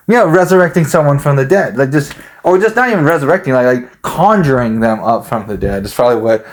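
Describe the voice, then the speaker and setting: A man talking in a rambling, hesitant monologue, full of fillers and restarts. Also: mid-range voice. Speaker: podcast host.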